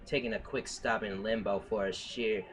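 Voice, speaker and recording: A man's voice: lowish voice, fairly even intonation, normal speed, fairly bright tone. Man hamming up a noir reading. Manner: hammy noir narration with asides and self-corrections. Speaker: live streamer reading fan fiction aloud. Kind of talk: comic dramatic reading.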